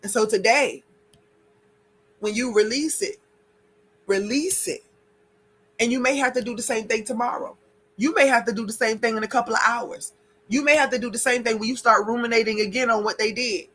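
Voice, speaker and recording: Female podcast host, spiritual leader; bright, sharp tone; repetitive chanting, rising to near-shouts. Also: on the high side, steady tone, fast. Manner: leads listeners through breathing exercises. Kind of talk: impassioned spiritual guidance.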